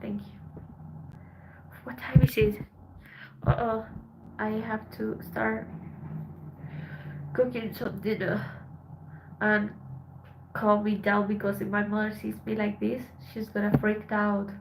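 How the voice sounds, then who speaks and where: Tired woman with vocal fry. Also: medium pitch, monotone, unhurried, long pauses, noisy background. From Colombia. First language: Spanish. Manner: soft, subdued, switching between English and Spanish. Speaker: live streamer reading chat. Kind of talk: casual live-stream chat.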